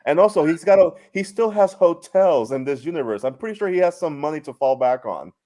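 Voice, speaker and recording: Man panelist, blunt and outspoken, animated delivery. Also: a little high, brisk. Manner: blunt, opinionated, swears casually. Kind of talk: casual chat.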